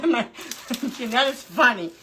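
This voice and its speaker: A middle-aged woman hosts a live crafting stream, telling stories and chatting casually with lots of laughter. Her voice is on the high side and slow, and the low-quality recording has slight background noise.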